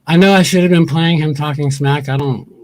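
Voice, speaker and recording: A male livestreamer in a heated rant, his voice sitting a little high for a man. He swears freely and hammers the same lines again and again, angry and indignant. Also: brisk, a little mellow. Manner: angry, profane, repeats himself.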